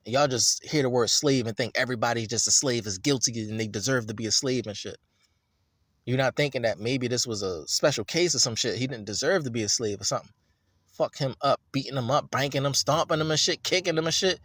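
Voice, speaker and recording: A man's voice: medium pitch, a little fast, a bit bright, no room sound, studio quality. A man reading scripture and breaking into an emphatic, profane, repetitive rant about it. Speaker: scripture reader and commentator.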